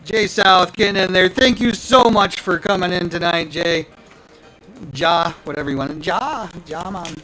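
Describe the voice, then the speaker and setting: A man's voice: high voice, measured pace, sharp tone, poor audio. A man hosting a live card-opening stream, hyped and playful, talking straight to his viewers. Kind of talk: excited live stream chatter.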